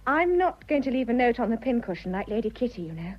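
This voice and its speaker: A woman's voice: a little high, sing-song, quick pace. An English actress playing an affectionate, teasing young wealthy woman, in 1940s radio acting. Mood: tender, teasing. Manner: tender, teasing. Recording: dull old radio broadcast with faint hiss.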